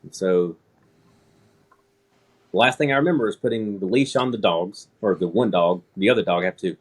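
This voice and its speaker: A man's voice: low-pitched, normal speed, breathy edge. A man in his thirties, an air traffic controller, telling a personal story in casual conversation and laughing at himself.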